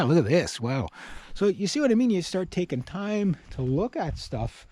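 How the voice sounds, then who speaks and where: A man's voice: on the high side, mellow, no room sound. A middle-aged man from Canada talking casually as he walks around his yard, rambling with asides and the odd swear word. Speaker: vlogger. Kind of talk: casual walkaround explainer. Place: outdoors in a wooded yard.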